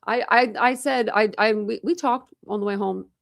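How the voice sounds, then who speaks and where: A woman with a gravelly, medium-pitched voice speaks at a moderate pace, recorded cleanly in a studio with no room sound. She's a true crime channel host running a casual online chat, rambling and laughing often as she browses videos. She also coos at her pets while talking to them.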